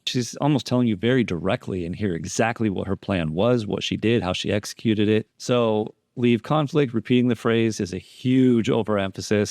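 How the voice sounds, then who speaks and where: A man's voice: fairly low pitch, vocal fry, darkish tone, dry recording, studio quality. A man instructing on deception analysis, explaining interrogation footage in a methodical way and repeating key phrases for emphasis.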